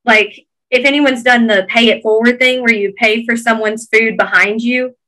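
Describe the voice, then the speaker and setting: A woman's voice: on the high side, fairly even intonation, moderate pace, pushed and bright, low-quality recording. A woman with a Georgia Southern accent, earnestly encouraging listeners in a casual podcast chat.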